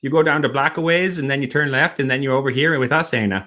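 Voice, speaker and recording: A man's voice: medium pitch, fast talker, sharp tone, pitched above the performer's own voice, close to an everyday voice. A man putting on a folksy South Milwaukee local.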